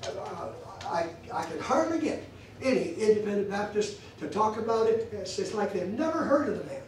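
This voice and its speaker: Male church teacher, high voice, emphatic and repetitive delivery; distant mic, very roomy echo, faint room hiss. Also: big pitch swings, moderate pace, a little mellow. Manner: emphatic, repeats phrases for stress. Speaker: pastor teaching a theology class. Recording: echoey church room from far off.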